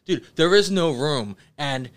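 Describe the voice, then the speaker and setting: A man's voice: on the high side, lively intonation, a little slow. A man telling a story in casual chat with friends, blunt and swearing casually.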